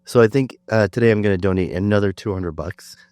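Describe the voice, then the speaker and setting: A Canadian man hosting a casual podcast while sick, chatting in a relaxed, self-deprecating way with plenty of fillers. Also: on the low side, fast, smooth, no room sound. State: sick, under the weather. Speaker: podcast host. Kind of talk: casual chat.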